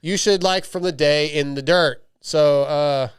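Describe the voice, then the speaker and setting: A man's voice: on the high side, unhurried, smooth, no room sound, clean studio sound. A man hosting a podcast, chatting casually and reading listener emails in a loose, joking way with lots of restarts. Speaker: podcast host.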